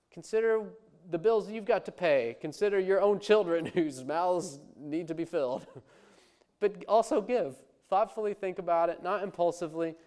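A man's voice: a little high, a little mellow. A man preaching a sermon as a pastor, conversational and emphatic, with frequent restarts.

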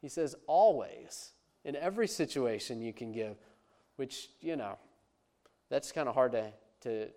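Man, pastor, sermon, conversational, emphatic, clear resonant voice. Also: a little high, darkish tone. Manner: conversational, emphatic preaching with restarts.

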